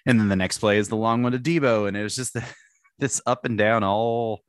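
A young man with a very low, deep voice talks football on a podcast, his words tumbling out in restarts and bursts of laughter. The sound is close and dry, with no room around it. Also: normal speed, clear, resonant tone, no room sound. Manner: animated, restarts often, laughs while talking. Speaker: podcast co-host. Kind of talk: casual sports chat.

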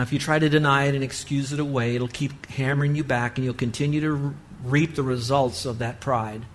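A man preaching as a pastor, leading an earnest altar call that rises to fervent exhortation. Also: mid-range voice. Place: church sanctuary.

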